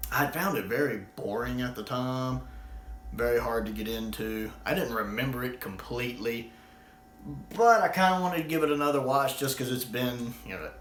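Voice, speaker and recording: This video reviewer, a man from the United States, has a medium-pitched voice with a fairly bright tone. He rambles casually, frequently restarting sentences and filling gaps with fillers. The audio has a roomy echo and slight background noise.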